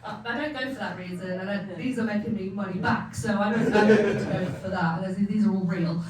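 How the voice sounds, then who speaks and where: Crowd noise surrounds a young English comedian on a comedy club stage as she speaks quickly, her medium-pitched voice fairly even in intonation. She keeps it chatty and self-mocking, laughing frequently as she plays her family. The sound comes from far off in an echoey venue, with a faint hum.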